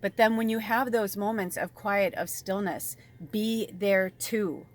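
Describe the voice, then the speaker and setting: A woman giving a casual spiritual tarot reading, chatty and animated, swearing freely and dropping at times to a soft near-whisper. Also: medium pitch, a little slow. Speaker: tarot reader and medium.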